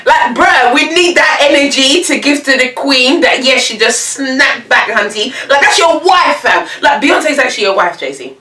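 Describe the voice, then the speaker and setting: A young woman chatting casually as a vlogger, animated and slangy, laughing often. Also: sits high, moderate pace, few pauses, echoey room, far from the mic. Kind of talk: casual chat.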